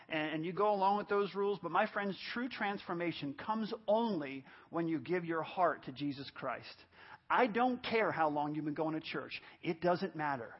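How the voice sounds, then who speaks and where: A pastor in his fifties preaching a sermon at a church service, emphatic, repeating phrases for stress. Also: sits high. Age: 50s. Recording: dull lo-fi church audio.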